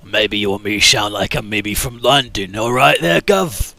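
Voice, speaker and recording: A man's voice: on the low side, moderate pace, creaky, sharp tone, no room sound, soft background music, pitched below the performer's own voice. A man putting on a cocky London workman voice, haggling over a price. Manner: cocky, wheeling-dealing patter. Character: cheeky London handyman haggling.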